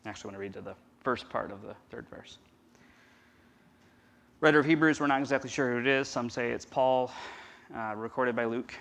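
A man preaching a conversational sermon as pastor, swinging from loud emphasis to a near-whisper. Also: medium pitch, a little fast, gravelly, long pauses. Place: church.

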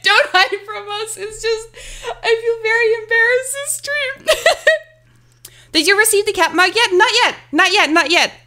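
Giggly high-voiced woman streamer. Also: unhurried, sharp tone. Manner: giggly, flustered, apologetic. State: sick. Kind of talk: casual live-stream chat while gaming. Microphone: close desk mic.

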